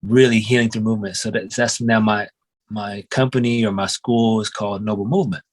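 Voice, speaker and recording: A man's voice: lowish voice, fairly even intonation, fairly quick. A young man, a qigong and breathwork instructor, telling his life story in a casual, reflective way, often saying "you know" and "man". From United States (grew up in Oregon).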